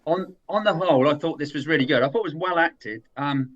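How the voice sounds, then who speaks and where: A man's voice: a little high, brisk, a bit bright, muffled recording. A man in a casual podcast chat, rambling and teasing as he reviews a film. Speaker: podcast co-host.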